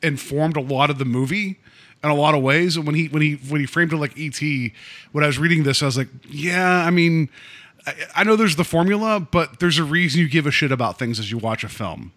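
A man's voice: fairly quick, fairly bright tone. A man co-hosting a podcast, talking about films in a loose, rambling way, with many restarts, acting out quoted lines. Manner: acts out quoted lines with raised pitch. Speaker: podcast co-host. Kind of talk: casual film discussion.

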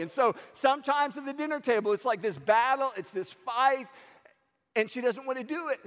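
A man preaching a sermon, telling stories in an animated way and acting out the lines he quotes. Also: high voice, brisk. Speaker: pastor. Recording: long hall reverb.

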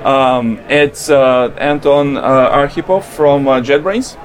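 A man with a Russian accent hosting a casual podcast chat from a booth at a conference, talking haltingly with many fillers. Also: mid-range voice. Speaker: podcast host.

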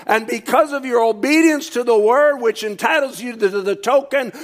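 In an extremely high-pitched voice, a man preaches, reading quotations aloud and remarking on each. On key points his delivery climbs into shouting.

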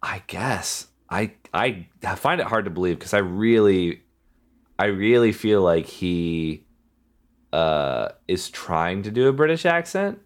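A man with a deep voice that swings widely in pitch, chatting casually about a movie. He halts and restarts his sentences often. His delivery is loose and conversational. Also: lively intonation. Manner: halting, with frequent restarts and fillers. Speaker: podcast co-host. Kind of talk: casual film discussion.

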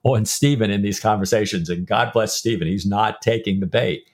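A man's voice: lowish voice, normal speed. Chatty man musing on a novel. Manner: rambling, reads book passages aloud with feeling. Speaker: podcast co-host. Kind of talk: casual book-discussion chat.

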